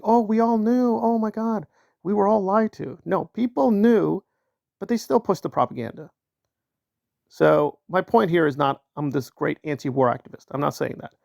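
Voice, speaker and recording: A man's voice: fairly high pitch, vocal fry, dry recording, studio quality. A man hosting a solo commentary channel, talking in a heated, emphatic way with lots of repetition and mocking quotes in a raised voice.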